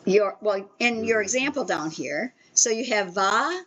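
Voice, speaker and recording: A woman's voice: mid-range voice, expressive, a little slow, a bit bright, slight background noise. A woman teaching an informal beginners' language class, explaining in a chatty way with many ums and restarts. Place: small meeting room in a congregation.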